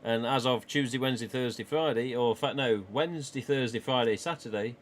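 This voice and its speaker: A man's voice: mid-range voice, fairly quick, a little hiss or hum. A man with an English East Midlands accent, live streaming from a small home office and chatting casually with viewers in a rambling way, laughing often.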